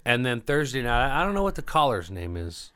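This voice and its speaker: Easygoing man with a lively voice. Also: medium pitch, fairly quick, smooth, no echo. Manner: playful, rambling. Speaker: podcast co-host. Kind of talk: casual chat. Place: home podcast studio.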